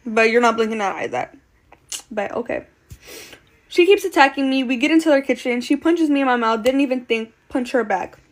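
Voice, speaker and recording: Higher-voiced woman telling a blunt storytime. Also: fairly quick. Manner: blunt, slangy, swears freely. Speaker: storytime creator. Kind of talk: casual storytime monologue.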